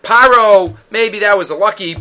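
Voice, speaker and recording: A man's voice: high voice, normal speed, lo-fi sound. A man voicing a boastful enemy general who mocks and goads his listeners. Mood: taunting. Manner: mocking, goading, loud. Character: taunting boastful enemy general, male adult.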